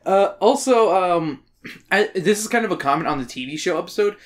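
Podcast host: woman, animated swinging delivery, jokey profane book recap. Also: lowish voice, a little fast. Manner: animated, swearing, joking recap. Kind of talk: casual chat, summarizing a book.

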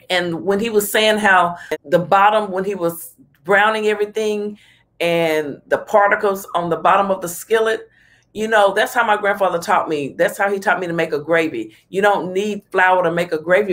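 A woman hosting a casual talk show, chatting and giving her own opinions on a cooking clip. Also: mid-range voice. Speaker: host. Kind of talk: casual commentary.

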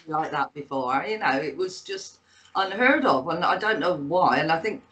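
Her voice is low yet fairly bright, with lively intonation and a normal speed, captured on a low-quality recording. She's a Bristol-accented actress and author in her sixties, guesting in a relaxed interview and telling meandering anecdotes packed with fillers.

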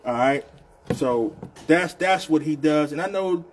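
There's slight background noise as a man with a fairly high voice speaks a little slowly, in a Southern US accent. He's hosting a casual union live show, chatting loosely and repetitively and often calling people "man."

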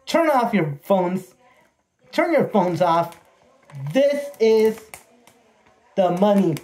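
Slow, excitable man in an echoey room. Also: high voice. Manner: excitable, repeats words, folksy exclamations. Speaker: vlogger unboxing birthday presents. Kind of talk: casual chat to camera. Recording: echoey room with faint noise.

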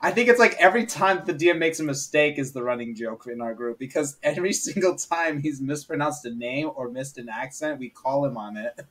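A tabletop player recalling a running joke, giggly and teasing, at an everyday mid-range pitch. The tone is easygoing and playful. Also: lively intonation, a little fast, hardly any pauses. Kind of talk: casual group chat.

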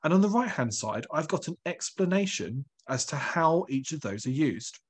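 A man's voice: fairly high pitch, sing-song, moderate pace, husky. A male primary school teacher, giving a recorded online lesson in a patient, encouraging way and asking the pupils questions.

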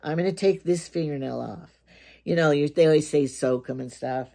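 A woman's voice: sits low, moderate pace, vocal fry, mellow. An older woman with grandkids, talking casually to camera in a rambling, chatty way and telling jokes. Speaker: vlogger.

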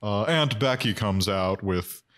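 A man's voice: lowish voice, lively intonation, slow pace, a bit bright. A young man co-hosting a podcast, recapping an episode in casual chat with hesitant restarts and dry jokes. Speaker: podcast co-host.

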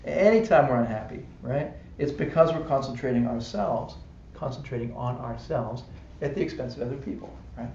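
Speaking a little fast in a mellow, medium-pitched voice, a man gives a casual Buddhist dharma lecture. He chats, laughs a lot, and keeps asking "right?" and saying "you know," captured as dull live-stream audio in an echoey room with faint hiss.

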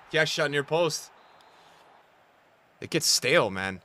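A man's voice: a little high, lively intonation, takes it slowly, sharp tone, dry recording. A young man streaming live gameplay and talking to his chat, frustrated and trash-talking as he plays.

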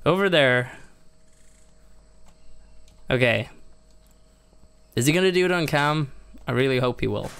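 A man's voice: gravelly, fairly bright tone, clear, resonant tone. A man commentating a survival game playthrough, talking himself through each step and getting exasperated when things go wrong. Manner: exasperated, self-narrating, laughing at mishaps; jumps much higher in pitch when upset. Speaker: gaming YouTuber. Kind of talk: let's play commentary.

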